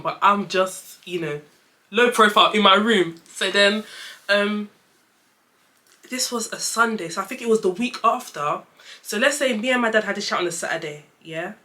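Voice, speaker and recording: A young woman chats through a personal story to her camera, her bright, clear voice sitting at an ordinary pitch. She leans on fillers and slips into quick little voices when quoting others, keeping the whole thing loose and conversational. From London, England. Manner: chatty, lots of fillers, acts out dialogue in quick voices. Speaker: vlogger. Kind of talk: casual storytelling chat.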